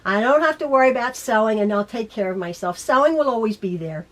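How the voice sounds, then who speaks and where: A woman's voice: fairly high pitch, animated, fast. A middle-aged woman in back pain, chatting casually to her quilting viewers in a rambling way with many restarts. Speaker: quilting YouTuber. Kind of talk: casual chat to camera. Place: home sewing room.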